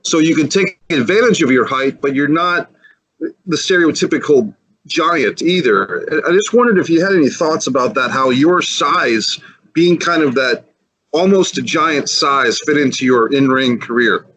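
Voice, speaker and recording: A man's voice: fairly high pitch, lively intonation, normal speed, a bit bright, slightly rough, low-quality recording. A man co-hosting a podcast, asking long, detailed questions of a guest. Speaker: podcast co-host. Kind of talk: interview questions.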